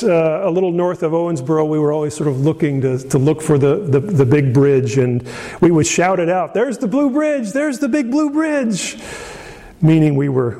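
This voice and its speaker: A middle-aged pastor from Indiana preaches a sermon in a friendly, storytelling way. He pauses with fillers and restarts often, and his voice sits a little high. A long reverb from the hall trails after his words. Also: dark tone. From Indiana, USA.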